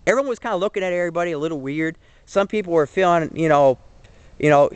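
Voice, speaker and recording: A man's voice: a little high, fast, clean tone, no echo. Earnest young man with dry sound. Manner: earnest, rambling, heavy with fillers and restarts. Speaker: vlogger. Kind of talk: casual opinion monologue to camera.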